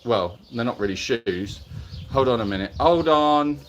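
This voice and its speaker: Bright-voiced jokey man hosting a live stream. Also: medium pitch, animated, a little slow, slight background noise. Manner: jokey, teasing, reads out viewer comments. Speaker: co-host of a live sanctuary Q&A stream. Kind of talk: casual live-stream chat. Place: outdoors at an animal sanctuary.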